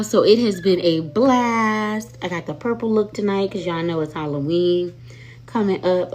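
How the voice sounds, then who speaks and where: A woman hosting a casual live stream from home on her phone, talking sassily straight to her viewers and swinging between loud and soft. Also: lowish voice.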